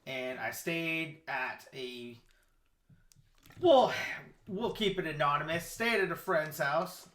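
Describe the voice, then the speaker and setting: A podcast guest tells his stories at an unhurried, drawn-out pace, his bright voice swinging widely in pitch. The sound is roomy and echoey. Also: lively intonation. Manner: slow, drawn-out storytelling. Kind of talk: casual chat. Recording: echoey room.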